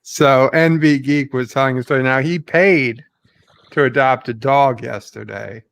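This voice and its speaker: A man hosting a casual livestream chat, speaking in a halting way with many fillers and pauses. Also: medium pitch, creaky, fairly bright tone, dry recording. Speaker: livestream host.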